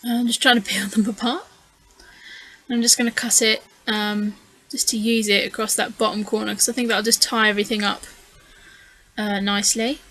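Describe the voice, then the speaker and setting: A woman with a crisp, bright tone that sits a touch high talks a viewer through her scrapbooking in a loose, hesitant voice-over. She sounds a little tired and yawny, and she fills her pauses with frequent ums as she thinks aloud. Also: flat delivery, rough recording. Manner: rambling, hesitant, with frequent fillers. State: tired, yawning. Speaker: scrapbooking channel host. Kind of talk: casual voice-over narration of a craft video.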